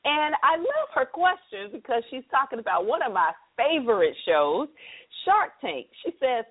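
A woman's voice: high-pitched, very animated, moderate pace, husky. A woman hosting a talk radio show, chatty and upbeat, explaining things to her listeners. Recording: tinny phone-line broadcast.

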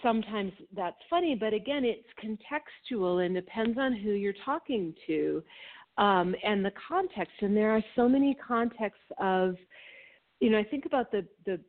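Woman from minnesota on a podcast, thinks out loud, keeps restarting, tinny phone-ish sound. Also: mid-range voice, animated, moderate pace. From Minnesota, USA. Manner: thoughtful, trails off and restarts while thinking aloud. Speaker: podcast co-host. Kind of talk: reflective conversational discussion.

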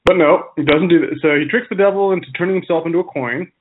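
A man co-hosting a podcast, telling a folk tale in a relaxed, chatty way with frequent restarts. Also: fairly high pitch, fast talker, slight background noise. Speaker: podcast co-host. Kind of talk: casual storytelling chat. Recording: phone-like narrow sound.

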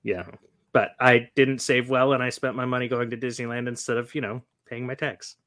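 A man from Northern California co-hosting a podcast, telling a story in a lively way and acting out the quotes. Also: mid-range voice, fairly quick. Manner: animated storyteller, acts out quotes. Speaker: podcast co-host. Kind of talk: casual storytelling.

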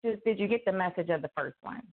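A guest author on a tinny call tells stories in a casual chat, laughing often and acting out quotes. Her mid-range voice moves at a quick pace.

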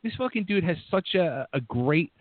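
A man's voice: fairly high pitch, lively intonation, normal speed, a little hiss or hum. A man hosting a radio interview, asking rambling questions full of fillers like "like" and "you know.". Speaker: radio show host. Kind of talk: casual interview. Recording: tinny phone-quality line, dry.

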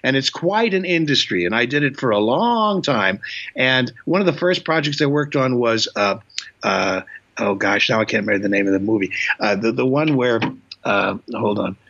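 A man's voice: medium pitch, lively intonation, moderate pace, fairly bright tone. A man in his eighties, originally from Indiana, telling rambling show-business anecdotes as a guest, playful and jokey with many fillers and restarts. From Indiana, USA. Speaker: guest, comedian and voice actor. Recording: dull, lo-fi remote audio.

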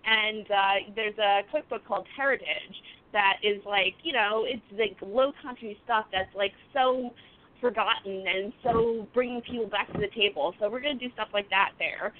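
A woman's voice: mid-range voice, moderate pace, slight background noise. A woman chef chatting loosely on a podcast, swearing and laughing as she tells stories. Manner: loose, profane, laughing storyteller. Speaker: guest chef. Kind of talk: casual podcast chat. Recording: phone-like lo-fi audio.

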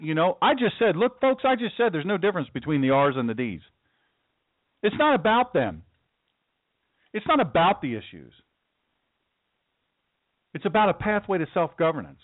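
A man's voice: fairly high pitch, very animated, moderate pace, pauses often, dry recording. Impassioned male talk host, tinny sound. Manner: emphatic, repetitive, stammering restarts. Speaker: political talk show host. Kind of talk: impassioned political monologue. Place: home studio. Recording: dry, tinny phone-like sound.

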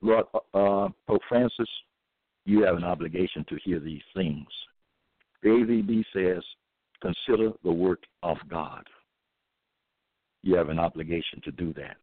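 A man giving a scripture-reading monologue as a religious podcaster, reading verses slowly and solemnly and pausing often with fillers. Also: sits low, dry recording. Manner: halting, with many pauses and fillers. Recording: dry, tinny phone-like audio.

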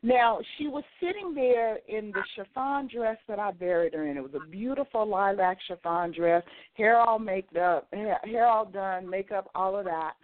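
A woman's voice: mid-range voice, normal speed, few pauses, dry recording. A woman co-hosting a radio talk show, telling a personal story expressively with emphatic repetition. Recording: phone-like narrow band.

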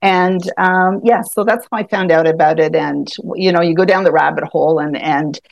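A woman's voice: low voice, moderate pace, gravelly, dry recording, lo-fi sound. Chatty woman explaining tapping, dry sound. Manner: animated, laughs often, restarts sentences. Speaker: EFT tapping practitioner, guest. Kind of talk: conversational explaining.

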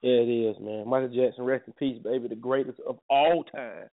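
A man's voice: medium pitch, fairly even intonation, moderate pace. Laid-back man on a tinny phone line. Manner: laid-back, repeats himself while talking. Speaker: host. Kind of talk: casual chat. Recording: tinny phone line, faint music behind.

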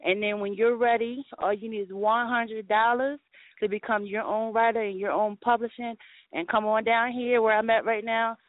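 A woman co-hosting a call-in show, talking in a rambling, excited way with frequent laughs. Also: a little high, normal speed, dry recording. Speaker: radio show co-host. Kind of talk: casual call-in chat. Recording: tinny phone-line audio, dry.

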